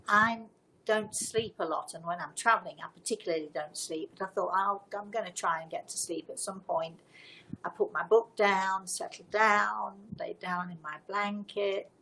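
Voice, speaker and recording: A woman's voice: on the low side, gravelly, fairly bright tone, slight background noise, rough recording. A woman telling a personal story as a medium, in a chatty, rambling way full of asides. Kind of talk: casual storytelling livestream.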